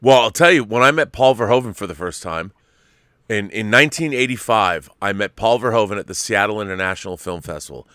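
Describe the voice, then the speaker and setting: A man in his fifties hosting a casual podcast chat, telling stories in an animated, profane way. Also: on the low side, brisk, clean tone, no echo, studio quality. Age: 50s. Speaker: show host.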